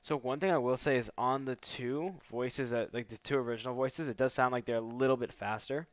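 A man hosting a casual product demo, talking in a relaxed, enthusiastic, salesy way. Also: medium pitch, fairly quick, slight background noise. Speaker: tech vlogger host. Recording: slightly muffled dry recording.

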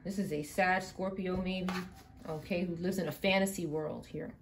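Low-voiced woman giving an emphatic tarot reading. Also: fairly even intonation, moderate pace, a little hiss or hum. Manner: emphatic, swears often, swings from quiet to loud outbursts. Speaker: tarot reader. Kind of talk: live tarot reading monologue.

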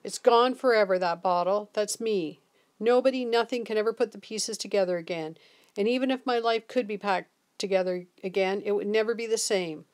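A drunk, bitter homeless man speaks in slurred, clipped bursts, voiced by a woman reading aloud. His voice sits at an ordinary middle pitch and stays curt and hard. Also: fairly quick, darkish tone, close to an everyday voice.

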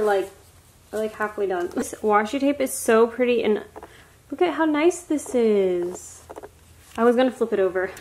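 A young woman chatting casually while unboxing a haul, gushing and excitable, often gasping and laughing. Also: a little high, a little hiss or hum. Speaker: vlogger.

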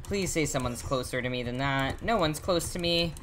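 Young streamer, casual gaming chatter, foul-mouthed, excitable, faint background hiss. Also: mid-range voice, moderate pace. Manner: chatty, profane, swears a lot; reacts loudly and excitedly to the game. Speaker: game streamer. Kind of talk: casual live-stream chat while gaming.

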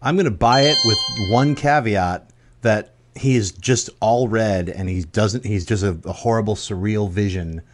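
A man on a podcast panel in casual comedic chat, animated and slipping into silly voices mid-story. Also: lowish voice, a little slow, a little hiss or hum.

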